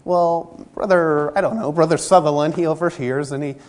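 A man with a fairly high, slightly mellow voice preaches a little fast with fairly even intonation. His sermon is conversational, acting out small scenes and voices from everyday church life.

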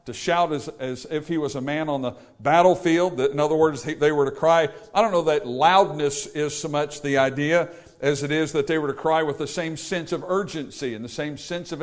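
A man preaching a sermon, earnest and emphatic, repeating key words to drive his points home. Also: on the high side.

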